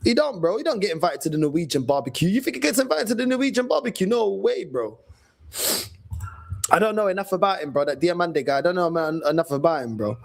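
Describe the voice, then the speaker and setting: Lively, high-pitched London man ranting. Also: fast talker, vocal fry. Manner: animated, slangy, mocking. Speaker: fan channel host. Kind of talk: casual rant.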